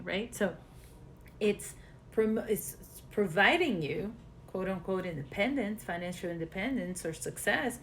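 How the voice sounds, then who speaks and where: Woman therapist, relaxed teaching talk, restarts, asks "right?" to the viewer, faint low rumble behind. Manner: conversational, repeats words, laughs often. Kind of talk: casual explanatory teaching.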